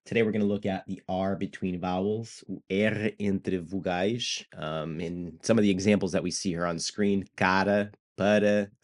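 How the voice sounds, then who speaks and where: A man from New England with a light regional American accent, teaching a casual language lesson in a relaxed, chatty way with frequent ums and self-deprecating asides. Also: low-pitched, normal speed, hardly any pauses. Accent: American English with a light New England tinge. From New England, United States.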